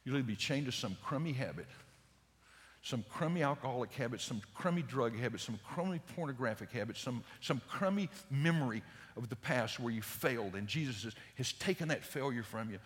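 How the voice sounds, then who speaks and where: An older man preaching an evangelistic sermon, telling stories fervently and swinging from loud urgent peaks to hushed lows. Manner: storytelling with many repeated words. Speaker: speaker. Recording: long reverb in a large hall.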